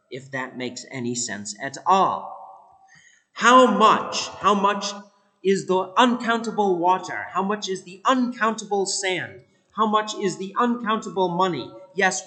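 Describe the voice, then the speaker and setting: Male English teacher, slow deliberate delivery, bright tone, grammar lesson. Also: on the high side. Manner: slow, deliberate explaining with repeated examples.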